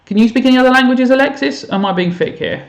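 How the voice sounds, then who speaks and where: A man's voice: very high voice, quick pace, roomy sound, lo-fi sound. A man chatting casually on a live stream while playing a game, self-mocking and thinking aloud to his viewers. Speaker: teacher streaming to students. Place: home room.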